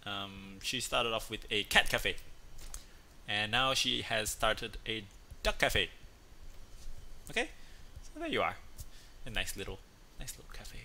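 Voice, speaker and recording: A chatty male host talks casually and playfully. His voice sounds very bright and sharp, and a soft hiss sits faintly under the recording. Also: on the low side, big pitch swings, unhurried, gravelly, pauses often. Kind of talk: casual chat, telling a joke.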